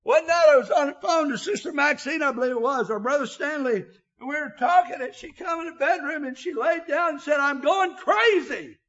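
An older man preaching an emotional sermon, often shouting, with a filler 'uh' between phrases. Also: very high voice, brisk, muffled recording.

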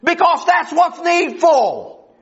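Man preaching, high voice, lots of swing in the pitch, folksy and fervent, dull lo-fi sound. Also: big pitch swings, slow, a bit bright. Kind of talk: sermon. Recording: dull lo-fi recording.

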